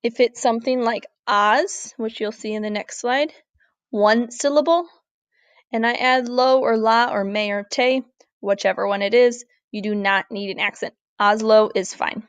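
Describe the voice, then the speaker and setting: Woman, language teacher, recorded lesson, clear deliberate delivery, dry close sound. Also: on the high side, fairly even intonation, no room sound. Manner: clear, deliberate, slows down to model Spanish words. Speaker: Spanish teacher. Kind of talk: recorded classroom lesson over slides.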